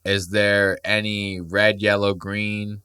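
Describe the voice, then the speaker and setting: A smooth, lowish voice moves slowly as this man hosts a relaxed podcast. Of Puerto Rican heritage, he's jokey and profane, animatedly acting out the voices of others.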